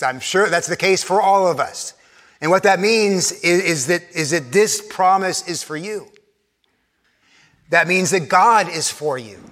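A man preaching an earnest sermon as pastor, often repeating words as he restarts phrases, and dropping to a soft, hushed voice when he prays. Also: on the high side, in a large hall. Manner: drops to a soft, hushed voice for prayer.

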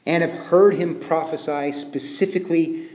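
A male pastor with a rather high, light voice gives a conversational sermon in a church. His words ring out with a long reverb from the hall around him. He drops almost to a hush when he wants to stress a point. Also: fairly even intonation, moderate pace. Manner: conversational preaching with self-deprecating asides; drops to a hushed tone for emphasis.

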